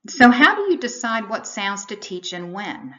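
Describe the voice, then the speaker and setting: A woman giving scripted instructional narration, explaining in a measured, explanatory way how to teach sounds. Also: mid-range voice, very animated, bright, forceful tone. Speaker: reading instructor. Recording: slightly dull, lo-fi voice-over.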